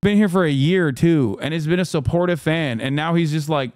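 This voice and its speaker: A man on a livestream rants with heated disbelief, swearing freely as he reacts to what he reads. His voice is smooth and resonant, and it sounds dry and close with no room behind it. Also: on the high side, moderate pace, hardly any pauses, no room sound. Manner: heated, profane, incredulous ranting; reads news articles aloud between remarks. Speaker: streamer.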